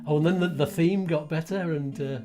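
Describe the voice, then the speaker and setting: A man's voice: fairly high pitch, fairly quick. Chatty man reminiscing, light guitar behind. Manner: chatty, reminiscing, laughs often. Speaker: channel co-host. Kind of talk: casual chat over old clips.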